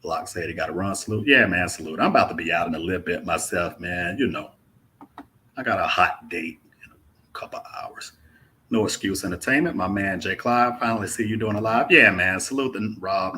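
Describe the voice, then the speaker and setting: Southern man from Mississippi, young, very low and forceful voice, easygoing livestream host style. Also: expressive, moderate pace, a little hiss or hum. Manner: laid-back, drawling, says "man" often. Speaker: travel vlogger hosting a live Q&A. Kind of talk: casual livestream chat reading viewer comments. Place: indoors in a rented apartment.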